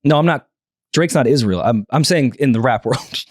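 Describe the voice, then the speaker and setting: A man co-hosting a podcast, chatting casually in an animated way and laughing often. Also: medium pitch, moderate pace, no echo, studio quality. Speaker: podcast co-host. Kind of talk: casual group chat.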